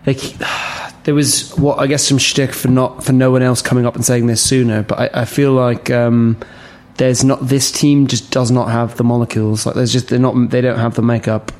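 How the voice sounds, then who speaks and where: A man co-hosting a casual podcast, talking haltingly with many restarts. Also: mid-range voice, flat delivery, darkish tone. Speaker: podcast co-host.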